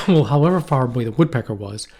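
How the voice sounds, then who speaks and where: Give me a middle-aged man rambling through stories in casual podcast chat, mid-pitched. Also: animated, quick pace, heavy background noise. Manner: rambling storyteller, swears, acts out quotes. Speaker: podcast co-host. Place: cold shack.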